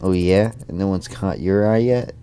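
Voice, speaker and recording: A man's voice: low voice, normal speed, mellow, clean tone. A man reading a cheerful schoolgirl friend. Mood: teasing. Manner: upbeat, encouraging, read aloud from game text. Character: cheerful supportive young female schoolgirl friend. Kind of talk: reading visual novel dialogue.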